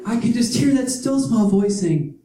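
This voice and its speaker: A man's voice: very high voice, expressive, normal speed, heavy background noise. A man preaching a sermon, telling stories with humorous asides. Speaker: pastor. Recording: echoey hall with audience.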